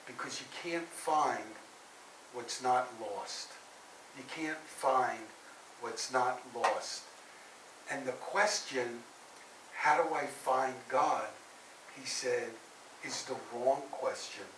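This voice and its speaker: Male minister preaching in an echoey hall, mic set back, faint hiss, storyteller who swings from loud to soft. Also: mid-range voice. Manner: animated storyteller, rising loud for drama and dropping soft for quiet lines. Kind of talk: sermon storytelling. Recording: roomy echo, heard from a distance, faint hiss.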